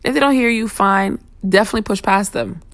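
A woman's voice: medium pitch, fairly quick, dry recording. A young woman hosting a casual talk show, venting bluntly and sassily with plenty of profanity. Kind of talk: casual opinion rant.

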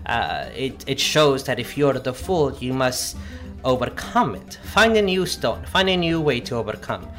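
A man voicing a gentle older village woman who pours wine and calmly explains a children's game in a tabletop adventure. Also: mid-range voice, moderate pace, soft background music. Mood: calm explaining.

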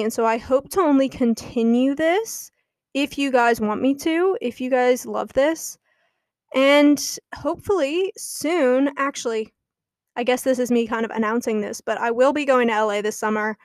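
A woman's voice: on the high side, dry recording, studio quality. A young woman hosting her own podcast, chatting casually and gossiping, often laughing as she talks. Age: young adult. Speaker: podcast host. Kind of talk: casual chat.

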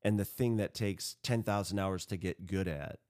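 A man's voice: sits low, darkish tone. Chatty male podcast host. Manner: chatty, rambling, quick to laugh. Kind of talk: casual chat.

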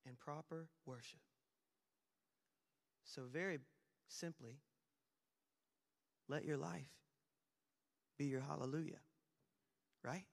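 Lively young preacher in an echoing hall. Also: male voice, on the high side, vocal fry. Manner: lively, self-deprecating storytelling with sudden loud emphasis. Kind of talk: sermon. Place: church sanctuary. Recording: long hall reverb.

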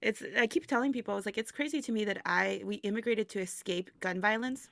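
Woman with a gravelly edge, chatty and reflective, lots of ums and laughs, dry close sound. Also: mid-range voice, quick pace, a bit bright, no room sound. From immigrant to the United States. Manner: reflective, laughs often, many fillers. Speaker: burlesque performer, guest. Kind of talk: casual interview chat.

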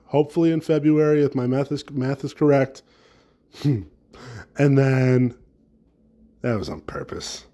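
A man's voice: mid-range voice, mellow. A young adult man hosting his podcast alone, rambling through crude, self-deprecating jokes. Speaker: podcast host. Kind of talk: casual solo podcast rant.

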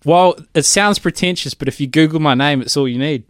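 A man's voice: on the high side, a little fast, no echo, clean studio sound. A man who hosts a podcast, making cold sales calls on speakerphone with cheeky, self-mocking banter and stammered restarts. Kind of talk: joking cold-call chat on speakerphone. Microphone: phone on speaker, recorded close.

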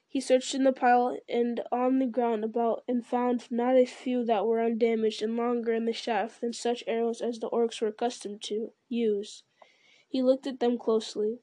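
A woman narrating a fantasy story aloud in a steady, unhurried reading style. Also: fairly high pitch. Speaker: reader.

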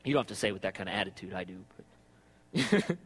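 A man preaching a sermon in an animated, conversational way, often checking in with "right?". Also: low-pitched, fast, slightly rough, in a large hall.

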